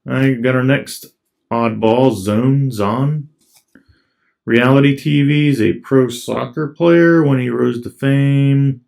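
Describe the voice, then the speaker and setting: Man, slow unhurried talk, gravelly fry, laid-back, casual card-opening commentary. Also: medium pitch, fairly even intonation, darkish tone. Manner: laid-back, reads off cards as he goes. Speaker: card collector opening packs.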